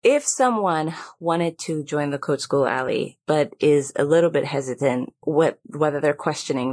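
A woman with a notably low voice leads the interview, affirming and encouraging her guest. She speaks in a conversational way. Her voice is recorded dry and close. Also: moderate pace, few pauses, no room sound. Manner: warm affirming listener, encouraging.

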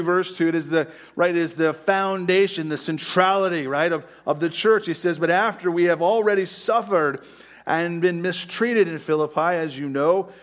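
A man preaching a sermon as pastor, stressing key words by slowing down and dropping frequent "right?" asides. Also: on the high side.

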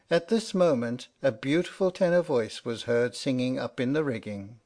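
A man's voice: mid-range voice, normal speed, hardly any pauses, a little mellow. Man narrating a storybook. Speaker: audiobook narrator. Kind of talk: scripted narration.

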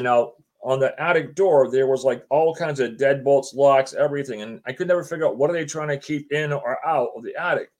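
A middle-aged man telling a personal story as a guest, retelling the conversations line by line and acting out what people said to him. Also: medium pitch. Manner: chatty, often says "she goes" and restarts his sentences. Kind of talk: casual spoken anecdote.

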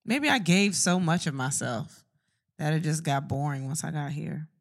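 A woman's voice: low-pitched, expressive, normal speed. A woman co-hosting a casual late-night podcast, joking loosely and reading off tour dates. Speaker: podcast co-host.

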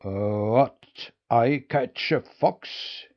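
A man voicing a big, shaggy, irritable old watchdog in a storybook, barking his words gruffly. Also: mid-range voice, unhurried, muffled recording, lightly acted. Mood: angry.

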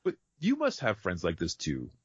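Male co-host, lowish voice, relaxed, dull lo-fi mic, no room. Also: normal speed, husky, dry recording. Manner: relaxed, agreeable, asks questions. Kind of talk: casual chat about a film. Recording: dull dry lo-fi sound.

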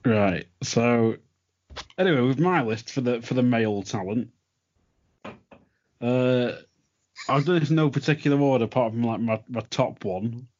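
A young man co-hosting a podcast, talking in a relaxed, joking way. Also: medium pitch, normal speed, long pauses, muffled recording. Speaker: podcast co-host. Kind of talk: casual chat.

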